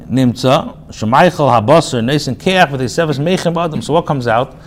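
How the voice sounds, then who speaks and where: A man's voice: medium pitch, normal speed. Man teaching a casual text class. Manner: reads Hebrew phrases then paraphrases them in English; frequent restarts and filler, conversational. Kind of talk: casual spoken Torah class.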